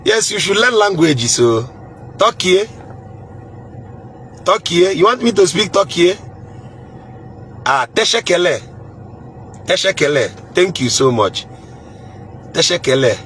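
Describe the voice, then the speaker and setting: A man's voice: sits high, sing-song, measured pace, long pauses, fairly bright tone, slight background noise. A man with a Nigerian accent hosting a casual live chat, reading viewer comments in a playful way, chuckling and repeating phrases.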